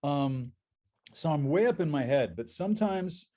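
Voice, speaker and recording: A man who works as a voice actor, guesting on a convention panel and telling animated anecdotes, repeating words as he restarts. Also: on the high side, moderate pace.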